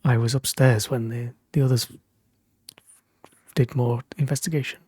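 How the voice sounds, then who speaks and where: A man playing in a tabletop game, hesitant and pausing often. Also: medium pitch, steady tone, darkish tone, husky, no room sound. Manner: hesitant, many pauses. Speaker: player. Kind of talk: casual tabletop play.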